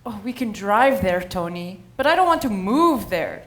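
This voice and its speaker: A woman's voice: mid-range voice, very animated, normal speed, natural voice. A woman playing a fond, laughing mother with a Scottish accent, in stage play acting. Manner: affectionate, laughing. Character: Scottish-born Italian mother, fond and soothing.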